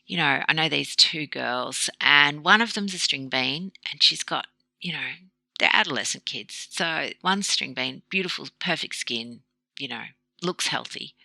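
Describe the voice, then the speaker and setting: A woman, a guest in an interview, who explains her ideas through lively analogies and acts out quoted voices. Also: deep voice, measured pace, gravelly, no room sound. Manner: animated storyteller who acts out quoted dialogue. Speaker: guest, low-carb practitioner. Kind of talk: conversational interview.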